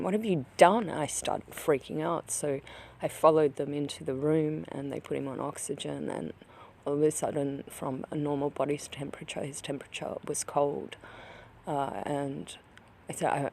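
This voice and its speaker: A vlogger recounting a personal account, upset and grieving, halting with many restarts and sometimes dropping to a whisper. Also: mid-range voice, vocal fry, a little mellow, slight background noise.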